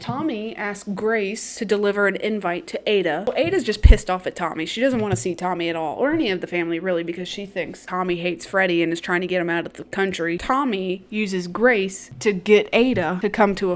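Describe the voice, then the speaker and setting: A young woman casually recapping a TV drama, chatty and sarcastic, swearing freely and breaking into excited shrieks. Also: mid-range voice, moderate pace, hardly any pauses. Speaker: recap video host.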